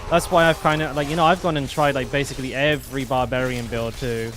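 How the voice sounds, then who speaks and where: A man's voice: medium pitch, steady tone, quick pace. A young man chatting casually while streaming a game, rambling with lots of fillers and restarts. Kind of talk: casual live-stream chat.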